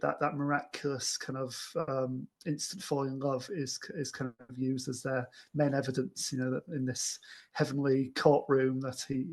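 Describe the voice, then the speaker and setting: On a casual film discussion podcast, a male co-host with a medium-pitched voice talks enthusiastically but haltingly, full of restarts and fillers.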